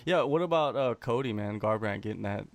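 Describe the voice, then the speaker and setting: A man's voice: on the low side, lively intonation, fairly quick, gravelly. A man hosting an interview, friendly and brief, wrapping up with good wishes. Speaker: interview host. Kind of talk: casual interview chat.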